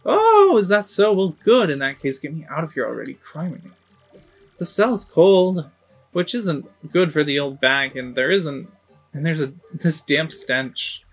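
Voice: medium pitch, a little slow, a bit bright, breathy edge, faint music behind. A game streamer voicing a cranky, bossy old tribal elder woman who lectures and scolds. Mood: scolding.

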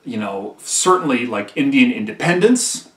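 A man's voice: mid-range voice, expressive, moderate pace, roomy sound, distant mic. A male history teacher giving a conversational recorded lecture, who often checks in with "right?" and acts out quotes emphatically.

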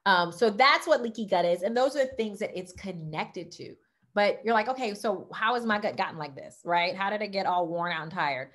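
An animated woman with a Southern accent chats about wellness products in a casual, excitable way. She often trips over her words when she gets excited, and she sprinkles in y'all and okay. Her voice sits at an ordinary pitch. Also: a little fast. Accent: Southern American. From Louisiana, United States. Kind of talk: casual product talk to camera.

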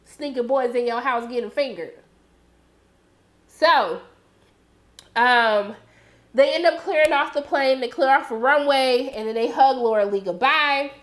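Woman, high voice, sassy, dramatic asides, chatty recap. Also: unhurried, long pauses. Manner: sassy, animated, acts out reactions in exaggerated voices. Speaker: TV recap host. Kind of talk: casual episode recap.

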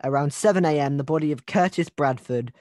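A man's voice: a little high, a little fast, a little mellow, dry recording, studio quality. A man hosting a casual podcast over a video call, retelling a true-crime case in a joking, rambling way with many restarts. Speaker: podcast host.

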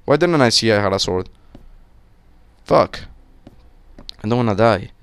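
Excitable, foul-mouthed young gamer guy. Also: on the low side, a little slow, clean tone, dry recording, studio quality. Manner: excitable, swears a lot, yells at game monsters. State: slightly sick, voice cracking. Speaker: gaming channel host. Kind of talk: casual Minecraft let's-play commentary.

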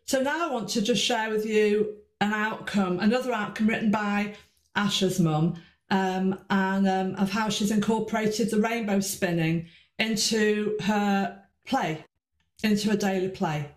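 A woman's voice: medium pitch, steady tone, measured pace, roomy sound. A woman giving an informal presentation to parents, chatty with restarts and sing-song stresses.

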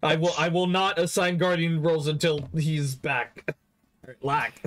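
A man's voice: on the high side, fairly even intonation, measured pace, fairly bright tone. A man casually handing out roles and directing friends over a voice chat microphone. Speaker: organizer assigning roles in a voice chat.

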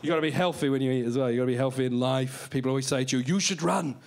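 A man's voice: medium pitch, steady tone, rapid-fire, darkish tone. A man with an English accent doing live stand-up comedy in a small club, playful and silly, slipping into goofy character voices. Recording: live club recording with audience. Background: audience laughter.

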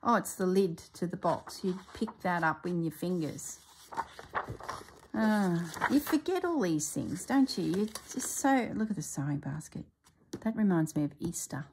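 A woman's voice: fairly low pitch, expressive, measured pace, darkish tone, slight background noise. A woman chatting casually as she reviews a craft book, exclaiming and thinking aloud, often trailing off mid-sentence.

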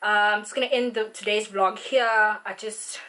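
A woman's voice: medium pitch, fairly even intonation, moderate pace, sharp tone. A young South African woman vlogging, ranting in an exasperated way with lots of fillers. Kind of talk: venting vlog monologue.

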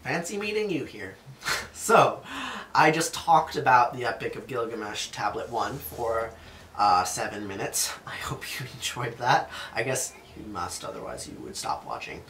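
A man's voice: medium pitch, very animated, moderate pace, a bit bright, echoey room, slight background noise. A man reading an ancient epic aloud and explaining it in a casual, chatty way with jokey asides.

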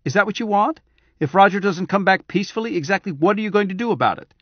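A man's voice: high voice, fast talker, no echo, lo-fi sound, voice pushed up. A man reading a novel aloud, voicing a short-tempered army general who barks and demands. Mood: snarling. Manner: barking, demanding. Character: harried snarling male general, short-tempered.

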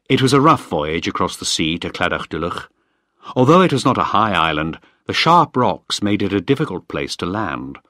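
Low-voiced man reading a story. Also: a bit bright, no echo, studio quality. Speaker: narrator. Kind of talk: scripted story narration.

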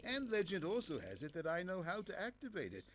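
A man's voice: sits high, huge pitch swings, fairly quick, a bit bright, exaggerated voice. An actor playing a greedy, scheming bear merchant in a video game, with a British accent and smug salesman patter. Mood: sly.

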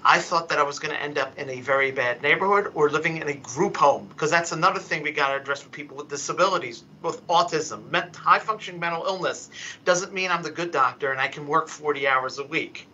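A man giving emotional, halting testimony at a council hearing, stumbling and restarting as he pleads his case over a remote call. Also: a little high, pushed and bright, dull audio, slight background noise. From Philadelphia, US. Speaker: public commenter at a council hearing. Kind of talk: impassioned unscripted testimony.

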